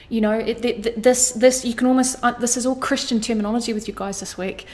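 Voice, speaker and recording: A woman with a slightly high, darkish voice talks fast with few pauses, holding a steady tone. She's giving her viewers an astrology tarot reading, earnest and emotional, frequently repeating herself and swearing in a casual way.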